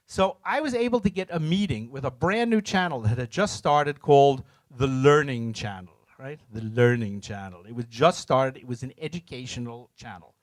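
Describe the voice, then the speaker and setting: A middle-aged man telling a story to a room of listeners, his voice high and swinging widely up and down. He jokes about himself and acts out the voices and sound effects of his tale. The sound is dry and close. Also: lively intonation, fairly quick, no room sound. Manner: self-mocking, jokes with the audience. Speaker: speaker telling a story to an audience. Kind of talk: lively storytelling talk to a live audience.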